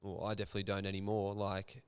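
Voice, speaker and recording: A man hosting a podcast, chatting in a relaxed, blokey way and posing hypothetical questions to his guest. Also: deep voice, quick pace, clear, resonant tone. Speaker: podcast host. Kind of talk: casual podcast chat.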